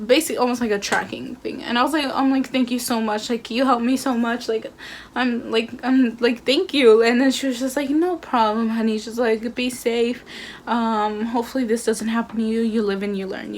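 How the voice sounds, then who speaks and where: A woman's voice: a little high, normal speed, slight background noise. A young woman telling a storytime vlog in a casual, chatty way, full of fillers and quoted dialogue. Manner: chatty, animated retelling with many fillers. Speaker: vlogger.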